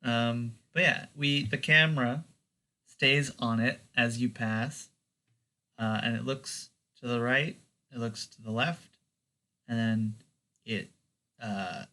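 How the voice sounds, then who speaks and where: A man narrating a tabletop game as game master, casual and halting with many fillers. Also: mid-range voice, bright, forceful tone.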